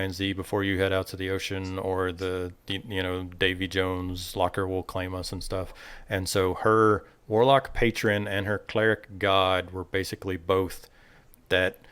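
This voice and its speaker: Low-voiced man in casual chat. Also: smooth, no echo. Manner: rambling, relaxed, lots of fillers. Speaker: podcast host.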